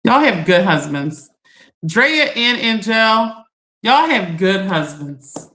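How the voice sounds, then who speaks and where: A woman's voice: mid-range voice, sing-song, slow pace, pushed and bright. A middle-aged woman, chatting on a livestream and reading viewer comments, laughing and teasing. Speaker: livestream host.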